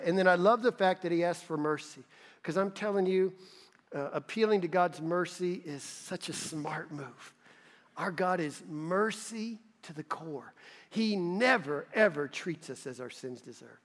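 A male pastor preaches earnestly and rises to emphatic peaks. His voice sits quite high, and a long hall reverb trails after each phrase. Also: moderate pace. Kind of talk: sermon.

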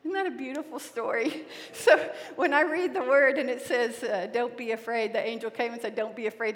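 A middle-aged woman with a fairly high voice teaches from scripture and tells stories from her own life. She talks in an animated way and laughs often. Her voice rings with a long hall reverb. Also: normal speed. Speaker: Bible teacher. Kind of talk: storytelling Bible teaching.

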